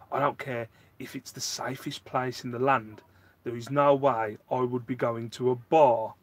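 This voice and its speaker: A man, hosting a casual live stream, rambling and answering viewer chat, getting worked up at times. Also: mid-range voice. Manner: rambling, animated, gets worked up.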